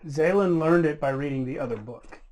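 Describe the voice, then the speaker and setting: A man running a tabletop game as game master, narrating in a measured way and slowing down for dramatic reveals. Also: fairly high pitch, a little mellow.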